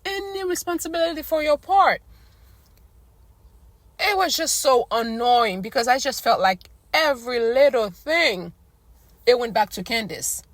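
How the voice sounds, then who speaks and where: A recap vlogger rants casually to camera, blunt, slangy and exasperated, even as she is losing her voice. Her voice sits high with lively intonation and a measured pace, and there is no room sound.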